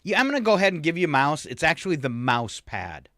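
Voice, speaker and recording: A man's voice: a little high, very animated, fast, a bit bright, dry recording. A man co-hosting a morning radio show, teasing and laughing often during playful on-air banter in a radio studio.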